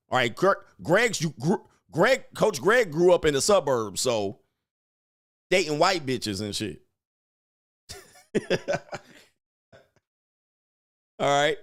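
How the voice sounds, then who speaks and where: A man hosts a heated commentary rant. His voice sits a bit high and swings widely as he mocks people by imitating them. His talk is full of slang. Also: a bit bright. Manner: mocking, mimics others, heavy slang. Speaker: host. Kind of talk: ranting commentary.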